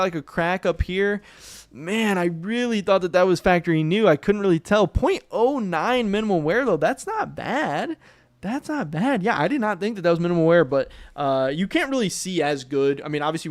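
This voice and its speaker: A young man with a fairly high voice, streaming live and chatting loosely to his viewers. He muses aloud and corrects himself as he goes. The sound is close and dry, with no room around it. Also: no room sound. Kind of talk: casual live-stream commentary.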